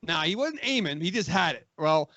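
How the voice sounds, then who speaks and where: A man in his forties, a magazine editor, telling a profane, animated war story on a podcast and acting out what others said. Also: fairly high pitch, brisk, no echo. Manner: profane, animated, acts out quoted voices. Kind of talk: casual storytelling, war anecdote.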